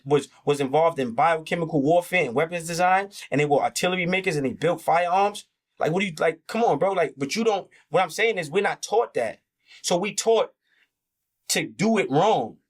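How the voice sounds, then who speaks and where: As a guest in a heated, candid interview, a man with a slightly high voice speaks with passion and plenty of profanity, acting out the voices of the people he quotes.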